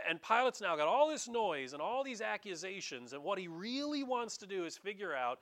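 Animated man preaching a sermon. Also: high voice, moderate pace, hardly any pauses. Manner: animated, dramatizing, talks straight to the congregation. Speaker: pastor. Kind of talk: conversational sermon.

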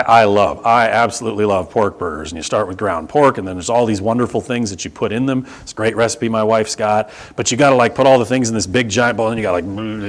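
A man with an American accent preaching a sermon in a church, in a conversational, animated way that acts out little dialogues. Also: on the low side. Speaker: pastor. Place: church sanctuary.

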